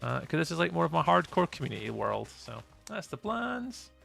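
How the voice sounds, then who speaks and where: A man's voice: on the high side, very animated, normal speed, creaky, fairly bright tone, soft background music. A young Scottish man casually chatting through a live game stream, rambling and greeting his chat by name. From Scotland. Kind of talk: live gameplay commentary.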